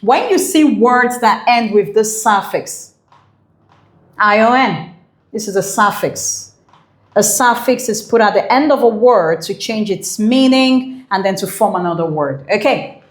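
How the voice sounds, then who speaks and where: A woman's voice: on the high side, roomy sound. A woman teaching an exam prep English lesson, explaining patiently with many fillers and repeats.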